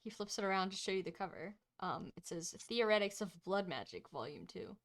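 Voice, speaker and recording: A woman's voice: medium pitch, lively intonation, a little fast. A woman runs a tabletop game in a loose, chatty way. Her voice swings animatedly up and down, and she laughs easily. She often trails off into fillers mid-thought. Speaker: game master.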